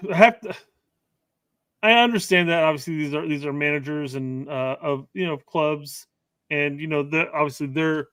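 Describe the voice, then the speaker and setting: A man's voice: fairly high pitch, pushed and bright, dry recording. A man co-hosting a casual soccer podcast, rambling and hedging with fillers. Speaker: podcast co-host. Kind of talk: casual sports chat.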